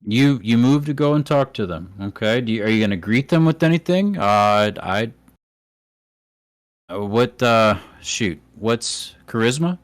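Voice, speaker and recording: A man narrates a tabletop game as its game master, halting often along the way. He talks slowly with a lively, moving pitch. The sound is dry and close. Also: no echo. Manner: halting, full of fillers.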